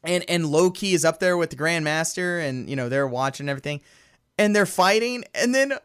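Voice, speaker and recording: A man with a fairly high voice co-hosts a casual movie podcast. He talks with lots of energy, laughs often and acts out scenes from films as he goes. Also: animated, a little fast, a bit bright, smooth. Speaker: podcast co-host. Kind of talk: casual chat.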